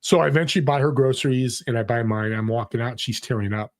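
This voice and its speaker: A mid-range, fast-talking middle-aged man tells a personal story as a podcast guest. His conversational storytelling is earnest and motivational, and he performs the voices of people he quotes.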